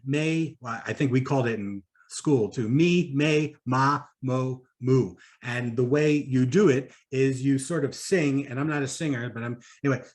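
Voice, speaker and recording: A man speaking at a conference about public speaking, conversational and animated, with fillers and quick laughs. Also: on the high side. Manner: animated, demonstrates voice exercises aloud.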